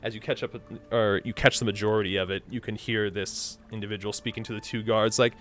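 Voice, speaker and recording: Male game master, relaxed narration with fillers, low voice. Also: fast talker, slight background noise.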